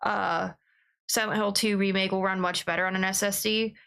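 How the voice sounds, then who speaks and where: A young woman streaming a game, chatting in a rambling, excitable way and laughing often. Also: mid-range voice, normal speed, gravelly, clear, resonant tone. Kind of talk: casual livestream chat.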